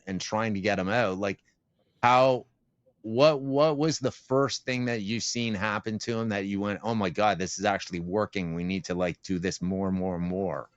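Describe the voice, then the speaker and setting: A middle-aged man hosting a podcast, asking questions in a halting way and repeating words as he goes. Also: lowish voice, no room sound. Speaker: podcast host. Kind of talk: interview questions. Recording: dry, dull lo-fi sound.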